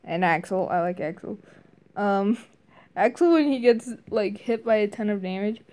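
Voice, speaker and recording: A woman's voice: normal speed, a little mellow. A woman casually reviewing a video game, hesitant, with lots of fillers and restarts. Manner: briefly mimics game character lines in higher voices.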